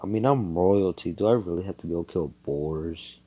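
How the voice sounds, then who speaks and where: A man's voice: moderate pace, mellow, dull audio. A man voicing a haughty, foul-mouthed royal young woman in a fan story he tells aloud. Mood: snooty. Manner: snobbish, shrill and cussing. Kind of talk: fan story retelling with voices.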